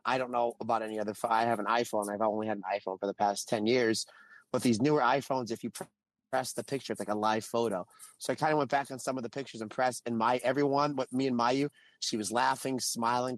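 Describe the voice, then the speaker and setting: A man's voice: mid-range voice, no echo. Man telling stories animatedly, dry mic. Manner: animated storyteller. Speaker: podcast co-host. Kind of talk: casual podcast chat.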